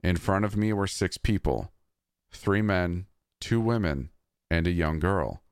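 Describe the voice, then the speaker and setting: A man reading a scripted horror story in a measured, somber way. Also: deep voice, clean tone, no room sound, studio quality.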